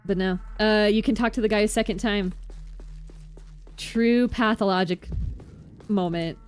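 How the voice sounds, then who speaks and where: A woman streaming herself playing a game, commenting casually, reacting loudly and swearing freely. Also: medium pitch, fairly even intonation, unhurried, smooth. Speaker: vtuber streamer.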